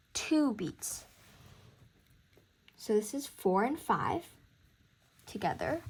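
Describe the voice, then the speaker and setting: A young woman tutoring music theory in a casual walkthrough, counting beats aloud and encouraging the student. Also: medium pitch. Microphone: camera mic at a desk.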